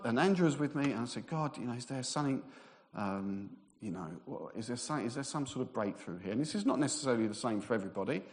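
A man preaches in a loose, storytelling manner, slipping into the voices of the people in his anecdotes. His voice sits at an ordinary pitch, and it rings out with the long reverb of a large church hall. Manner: conversational storytelling, acts out quoted voices. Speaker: minister. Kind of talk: sermon with personal stories.

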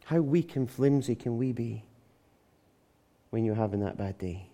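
Animated, emphatic male preacher. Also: mid-range voice, a little slow. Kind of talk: sermon with storytelling.

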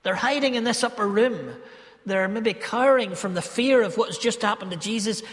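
Northern Irish preacher in an echoing church. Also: male voice, high voice. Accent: Northern Irish, Ballymena. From Northern Ireland. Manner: storytelling, emphatic, drawn-out phrases. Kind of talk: sermon.

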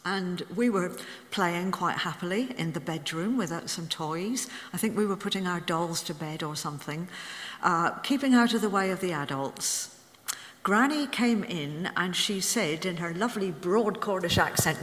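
A woman's voice: fairly low pitch, moderate pace, fairly bright tone, long reverb tail. A woman in her seventies preaching a sermon, telling a story with humorous asides. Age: 70s. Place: church.

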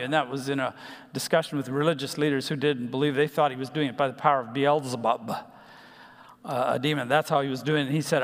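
High-voiced man preaching in a reverberant hall. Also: fairly bright tone. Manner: numbered points, many restarts and fillers. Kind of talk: sermon teaching.

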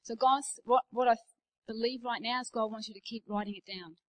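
A woman's voice: a little high, fairly even intonation, brisk, rough recording. Emphatic Australian woman preaching. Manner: emphatic, storytelling with anecdotes. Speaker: guest preacher. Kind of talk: sermon. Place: church.

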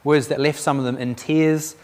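A man's voice: a little high, steady tone, normal speed, a little mellow. A man sharing a Christian testimony as a preacher, telling the story with animation, acting out the voices in it and often restarting his sentences.

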